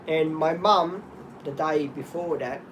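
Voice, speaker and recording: A middle-aged Australian man rambling through animated stories in casual chat, often laughing. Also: a little high, takes it slowly, noisy background.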